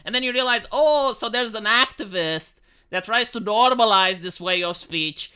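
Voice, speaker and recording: Guy ranting on his stream, very bright sharp voice, swears a lot. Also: high-pitched, clean tone. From Romania. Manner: profane, emphatic, sarcastic. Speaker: live streamer. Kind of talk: ranting live-stream commentary on a film.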